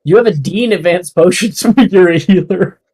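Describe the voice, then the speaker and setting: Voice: medium pitch, darkish tone, poor audio. Game master narrating a tabletop game. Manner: casual, halting, many fillers.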